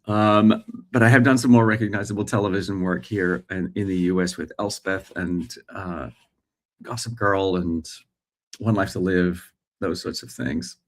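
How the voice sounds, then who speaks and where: Man, American accent with Australian traces, lowish voice, chatty live host, lots of ums. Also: moderate pace. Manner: chatty, warm laughs, many fillers. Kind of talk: live-stream chat reading comments.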